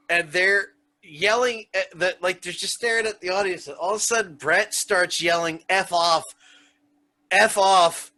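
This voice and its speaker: A man hosting a casual wrestling podcast, telling stories in an animated way and laughing often. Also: high-pitched. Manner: animated storyteller who laughs a lot. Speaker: podcast host.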